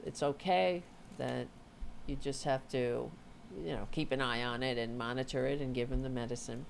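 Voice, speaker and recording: Low gravelly lady streamer rambling, swears a lot, bit of faint hiss behind. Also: fairly even intonation, normal speed. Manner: rambling, swears, talks to her cat. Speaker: host. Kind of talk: casual livestream chat.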